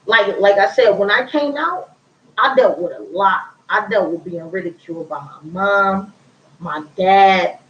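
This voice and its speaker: A woman's voice: medium pitch, measured pace, distant mic. Woman, candid storyteller with blunt, slangy delivery, mid-height voice, recorded roomy with a dull lo-fi sound. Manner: blunt, repeats herself, slangy.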